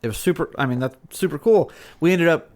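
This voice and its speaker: A man's voice: on the high side, fast, darkish tone. A man co-hosting a podcast, telling a story in casual chat and acting out the quoted lines with gusto. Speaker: podcast co-host.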